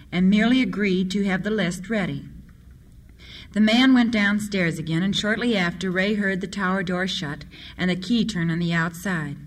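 A woman reading an adventure story aloud in a steady, measured manner. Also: mid-range voice. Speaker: narrator.

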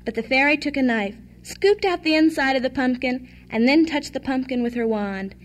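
A woman reading a fairy tale aloud as storyteller, in an even, measured way. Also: sits high.

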